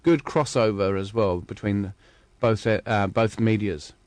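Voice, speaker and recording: A man's voice: on the low side, a little slow, darkish tone, no room sound. A man talking casually about wine on the radio, hesitant with many fillers and restarts. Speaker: wine commentator. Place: radio studio. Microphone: studio mic.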